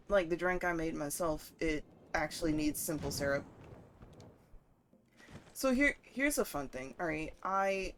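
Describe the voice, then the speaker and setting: A woman streamer chatting casually and profanely while she plays a game, getting worked up and loud at times. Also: low-pitched, measured pace, pauses often, a little hiss or hum. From northern United States. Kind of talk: casual gaming stream chat.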